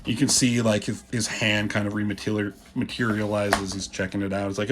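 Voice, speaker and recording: A man's voice: on the low side, little pitch movement, a little fast, hardly any pauses, a little hiss or hum. A man casually walking through comic pages, rambling and swearing, acting out the characters' lines as he goes. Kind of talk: casual commentary.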